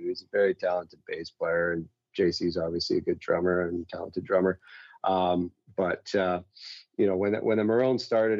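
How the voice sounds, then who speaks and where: A man's voice: sits low, darkish tone, dry recording. A male musician guest chatting casually over a call, rambling and self-deprecating in a laid-back way. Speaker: musician guest, band singer. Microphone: call audio. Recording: dull lo-fi call audio.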